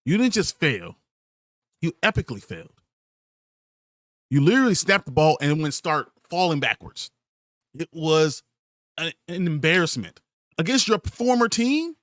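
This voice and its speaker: A man's voice: on the high side, big pitch swings, normal speed, pauses often, a bit bright, dry recording, clean studio sound. A man hosting a sports podcast, ranting in an exasperated, profane way at his team's players. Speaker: podcast host.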